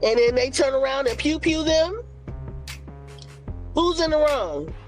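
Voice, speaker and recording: A woman's voice: sits high, animated, measured pace, soft background music. A woman co-hosting a casual livestream, speaking with passion and indignation. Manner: passionate, indignant, talks it through. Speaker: livestream co-host.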